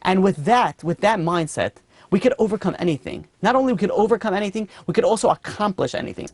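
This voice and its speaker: A man, a rabbi, giving a storytelling sermon in an earnest, animated way, often saying "you know". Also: sits high, fast talker, dry recording.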